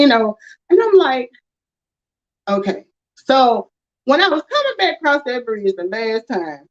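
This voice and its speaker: Woman, high voice, chatty storyteller, slightly dull lo-fi sound. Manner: animated, rambling, laughs often. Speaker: live stream host. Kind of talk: casual storytelling chat.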